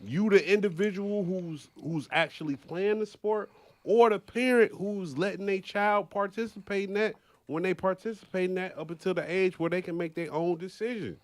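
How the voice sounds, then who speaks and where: A man's voice: high voice, moderate pace, no room sound. A man in a casual sports chat, talking in an emphatic, lecturing, profane way. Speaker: podcast co-host.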